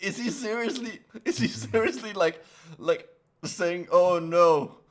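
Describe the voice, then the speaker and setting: A man's voice: sits high, measured pace. A man co-hosting a casual podcast chat, bemused and prone to laughing at what they read. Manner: bemused, giggly. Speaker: podcast co-host.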